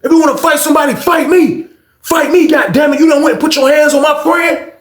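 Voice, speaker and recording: A man voicing a loud, defiant male inmate who shouts challenges to defend his friend. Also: extremely high pitch, fairly quick, roomy sound, pitched above the performer's own voice. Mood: challenging.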